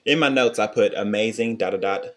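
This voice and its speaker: A young man co-hosting a casual review chat, giving blunt, sassy critiques with quick asides. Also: lowish voice. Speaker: co-host reviewing singing contest.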